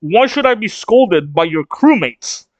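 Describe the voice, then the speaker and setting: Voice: mid-range voice, big pitch swings, a little slow, no room sound. A live manga reader voicing a grumpy, indignant giant male dragon prince in a plain voice.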